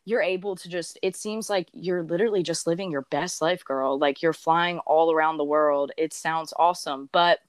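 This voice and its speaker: A woman's voice: deep voice, steady tone, moderate pace, hardly any pauses, no room sound. A young woman with a slight Southern accent, hosting a podcast in a rambling, casual way full of fillers. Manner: friendly, rambling, lots of fillers. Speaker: podcast host. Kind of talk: casual interview chat.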